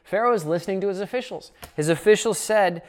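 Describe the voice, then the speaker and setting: A Bible study teacher leads a casual lesson, talking through each point in a relaxed, conversational way. The delivery sounds unscripted, with the teacher working out thoughts aloud while explaining the passage. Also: mid-range voice, fast talker.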